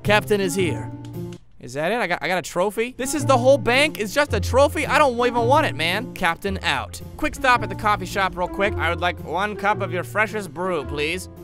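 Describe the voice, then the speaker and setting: Excitable young man narrating a game. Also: sits high, fairly quick. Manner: excitable, giggly, yelps. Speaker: gaming YouTuber. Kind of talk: comedic game commentary. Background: game music.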